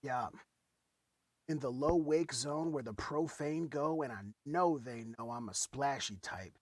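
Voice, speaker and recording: A man's voice: mid-range voice, measured pace, dry recording. A man chatting loosely and profanely while producing music on a studio mic. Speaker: music producer streaming a session. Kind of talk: casual chat while producing. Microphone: dynamic studio mic.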